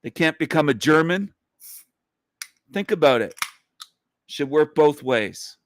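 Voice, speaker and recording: A man's voice: on the high side, expressive, slow, a little hiss or hum. A man hosting a livestream who speaks in an emphatic, profane, repetitive rant. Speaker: livestream host.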